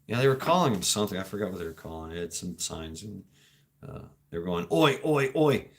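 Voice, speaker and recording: A man hosting a livestream, talking casually and reacting to chat in a halting, rambling way, with frequent laughs and swearing. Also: deep voice, animated. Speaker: livestream host reading chat.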